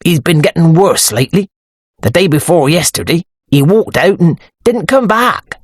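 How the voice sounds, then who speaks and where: A woman reading an audiobook, voicing a stolid middle-aged male police sergeant who speaks slowly and deferentially. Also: fairly low pitch, lively intonation, breathy edge, no room sound, clean studio sound, pitched above the performer's own voice. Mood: steady.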